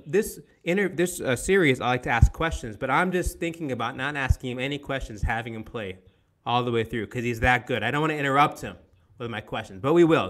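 A man's voice: medium pitch, fairly bright tone. A man hosting a nightly live-streamed concert show from his parents' dining room, emphatic and upbeat, repeating words for effect. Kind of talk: enthusiastic livestream hosting.

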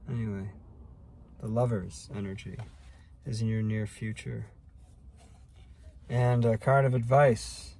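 A man's voice: lowish voice, measured pace, vocal fry, long pauses, slight background noise. Musing man giving a tarot reading. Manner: relaxed, musing, talks to spirit while drawing cards. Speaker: tarot reader. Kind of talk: daily tarot reading to camera.

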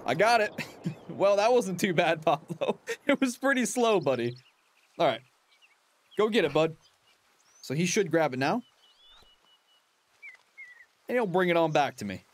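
A man's voice: high voice, big pitch swings, a little slow, pauses often. A young man giving casual, chatty commentary while playing a hunting game, laughing often and talking to his in-game dog. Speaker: gaming channel host.

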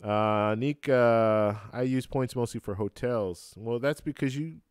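A man's voice: medium pitch, clear, resonant tone, no room sound, studio quality. Casual man hosting a travel live stream. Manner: relaxed, halting, many fillers and restarts, laughs easily. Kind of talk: casual live-stream chat reading comments. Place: home room with a computer fan. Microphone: close-up microphone.

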